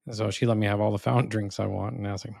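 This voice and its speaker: A low, gravelly man talks quickly through a casual story, spinning loose anecdotes with plenty of fillers. The sound is close and dry, with no room around it. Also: no echo. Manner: relaxed, rambling anecdotes with drawn-out fillers. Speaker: podcast co-host.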